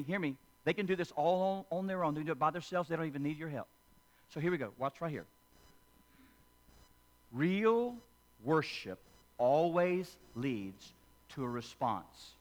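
Pastor, high tenor, rapid questions, call-and-response preaching. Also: male voice. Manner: impassioned preaching, rapid-fire repeated questions. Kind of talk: sermon with congregational call-and-response. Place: church sanctuary.

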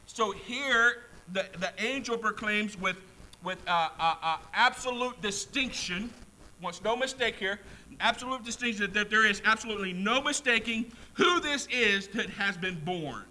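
A male preacher delivers an emphatic sermon. His voice sits high and rings with a very bright, sharp edge. He hammers key words by repeating them and throws questions out to the congregation. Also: unhurried, a little hiss or hum, poor audio. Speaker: pastor.

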